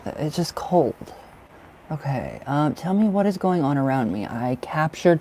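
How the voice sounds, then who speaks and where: A man's voice: a little high, sing-song, takes it slowly, pauses often, darkish tone. A man doing live-stream tarot readings, chatty and giggly, who calls viewers by name and sounds cold and bundled up. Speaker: tarot reader.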